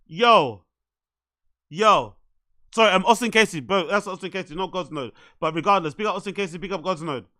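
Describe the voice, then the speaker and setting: A man hosting a live reaction stream, excitable and swearing often as he laughs along. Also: sits high, fairly quick, no room sound, clean studio sound. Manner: excitable, swears heavily, laughs at own remarks. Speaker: streamer host.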